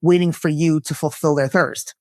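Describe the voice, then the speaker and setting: An actress and lifestyle coach appears as a guest in a candid conversation, speaking earnestly and reflectively at a moderate pace. Her voice jumps up in pitch with bursts of laughter or excitement, and the recording is dry and studio quality.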